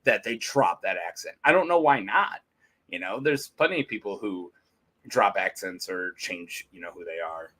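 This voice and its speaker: A man's voice: low-pitched, animated, normal speed, bright, forceful tone. A man co-hosting a fan podcast, chatting casually and rambling through his opinions. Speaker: podcast co-host.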